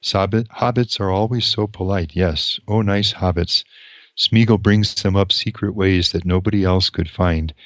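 A man's voice: low-pitched, steady tone, moderate pace, fairly bright tone, no room sound. A man reading aloud as a wretched, wheedling old creature with a hissing voice. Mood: whining.

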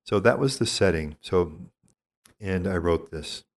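Older male priest, very low voice, unhurried reflective teacher. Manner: calm, reflective, gently explanatory. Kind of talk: teaching talk on spiritual discernment.

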